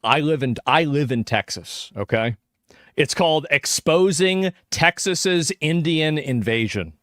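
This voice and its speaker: A man's voice: fairly high pitch, lively intonation, a little slow, a bit bright, dry recording. Wry male streamer, dry sound. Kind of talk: casual streaming talk.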